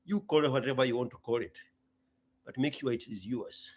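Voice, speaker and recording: A man's voice: mid-range voice, a little fast. A young man hosting a casual live stream, playful and theatrical, chatting and joking with himself.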